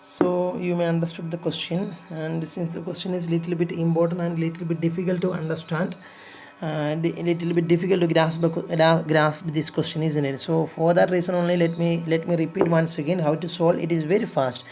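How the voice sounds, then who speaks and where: Gravelly-voiced man teaching a math lesson. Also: on the high side, level tone, a little fast, darkish tone, faint music behind. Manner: patient, repetitive step-by-step explaining, pleading emphasis. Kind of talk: recorded trigonometry lesson.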